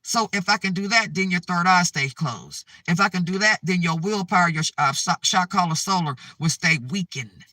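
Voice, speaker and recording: Guy preaching spiritual stuff to his viewers, kinda high sharp voice, dry sound, repeats himself a lot, "okay?". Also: normal speed, hardly any pauses, no echo, far from the mic. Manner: repetitive, urgent, keeps checking in with "okay?". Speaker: spiritual advice channel host.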